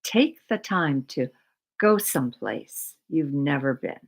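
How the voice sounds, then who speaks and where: Slow, low-voiced woman musing. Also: big pitch swings, gravelly, breathy edge, low-quality recording. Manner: slow and deliberate, repeats words with long pauses. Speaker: speaker on mindful living. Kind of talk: slow reflective talk.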